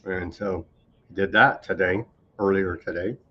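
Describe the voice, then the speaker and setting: A man's voice: deep voice, steady tone, measured pace, highs cut off. A male host reading out news items with casual, skeptical commentary. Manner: reads documents aloud, casual asides.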